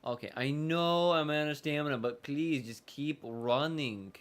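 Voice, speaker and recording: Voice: mid-range voice, measured pace. A streamer chatting loosely over gameplay, rambling, swearing casually and trailing off mid-thought.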